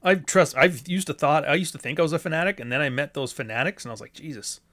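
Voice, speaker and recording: A live-stream host trades profane jokes and fast asides with his guest in easygoing conversation. He speaks at a fairly high pitch with a fairly bright tone.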